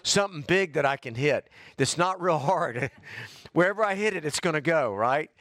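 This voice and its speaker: A middle-aged man preaches a fervent sermon, breaking into exclamations of praise. His voice sits fairly high for a man, and the recording is dry and close, with little room sound. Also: lively intonation, moderate pace, fairly bright tone, no room sound. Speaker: pastor.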